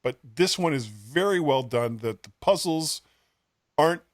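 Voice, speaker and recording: A man's voice: a little high, animated, a little slow, no echo, clean studio sound. A man co-hosting a casual tech podcast, rambling and chuckling as he recommends a game, poking fun at himself. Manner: rambling, chuckling, self-deprecating. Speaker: podcast co-host.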